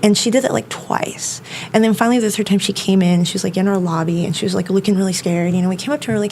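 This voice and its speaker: Gravelly-voiced woman chatting on a podcast, lots of likes and you knows, faint hiss behind. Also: medium pitch, steady tone, quick pace, a little mellow. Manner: chatty, many fillers like "like" and "you know". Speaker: self-defense instructor, guest. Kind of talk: casual podcast interview.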